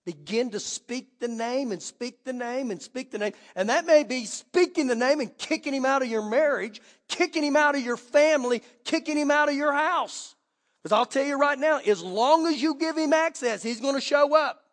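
Male pastor, high voice, animated sermon delivery, church hall echo. Loud-to-hushed swings. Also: moderate pace.

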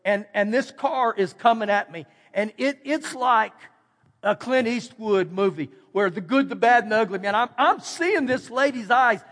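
A middle-aged man with a Texan accent, preaching a folksy, animated storytelling sermon and repeating phrases for emphasis. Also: extremely high pitch, normal speed. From Texas. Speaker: pastor. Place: church sanctuary. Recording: long hall reverb.

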